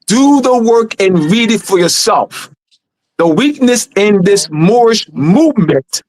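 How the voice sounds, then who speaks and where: A man's voice: high voice, dry recording. A man hosting a live teaching discussion, talking emphatically and repeating his points as he urges listeners on. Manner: emphatic and repetitive, urging listeners. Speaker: host.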